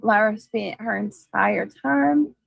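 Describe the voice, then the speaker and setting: A woman co-host speaks in an unhurried way with a mocking edge. She greets chat viewers between her comments, and the sound is close and dry. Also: mid-range voice, vocal fry, husky, no room sound, lo-fi sound. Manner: sarcastic, reads out chat names. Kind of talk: casual chat.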